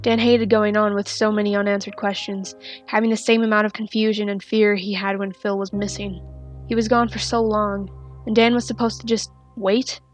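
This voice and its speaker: A woman narrating a fanfiction story in a steady, soft-spoken reading. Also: mid-range voice, moderate pace, soft background music. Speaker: fanfiction reader.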